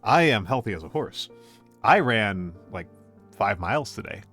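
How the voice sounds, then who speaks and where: A man with a lower voice hosts a casual live stream, talking to viewers as they drop in. He meanders, restarts, and echoes his own lines with a gentle playfulness. Faint music plays quietly in the background. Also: expressive, moderate pace. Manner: rambling, repeats phrases, gently playful. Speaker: VTuber streamer.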